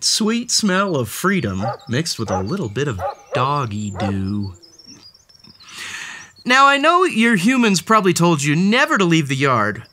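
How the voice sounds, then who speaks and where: A woman reads a children's picture book aloud in a playful, theatrical way, gasping, exclaiming and speaking directly to the character. Her voice sits low with a slightly bright quality, and a little background noise is present.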